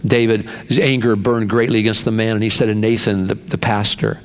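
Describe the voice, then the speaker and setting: A man's voice: fairly low pitch, flat delivery, moderate pace, smooth. Older male pastor, folksy conversational sermon delivery, lots of restarts.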